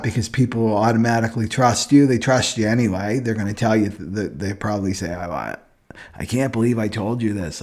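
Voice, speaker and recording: A man hosting a casual livestream on astrology, talking loosely and ending many points with "right?". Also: mid-range voice.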